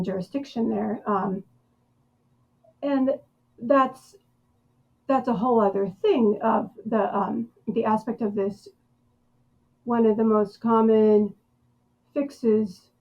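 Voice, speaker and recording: Slow, thoughtful woman podcast host. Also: medium pitch, gravelly, breathy edge, muffled recording. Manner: slow, thoughtful, with many pauses and fillers. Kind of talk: conversational podcast interview.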